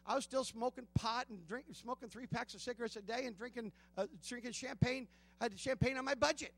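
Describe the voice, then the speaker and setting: A guest pastor with a Southern US accent preaches a sermon in a church sanctuary, sharing personal stories, swinging between hushed tones and loud bursts, and laughing often. His voice is very high-pitched and a little fast, captured in a dry recording.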